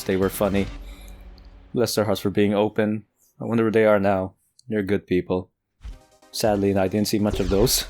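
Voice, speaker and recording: A man with an American accent giving casual gameplay commentary, laughing often and tripping over his own restarts. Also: fairly low pitch. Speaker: let's play gamer.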